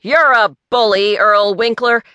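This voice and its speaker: A blunt, outspoken man with a sharp, teasing edge, voiced by a woman narrator. The voice sits bright and lifted, in a dry booth sound. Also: on the high side, lively intonation, measured pace, no echo, muffled recording, voice pushed up. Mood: needling.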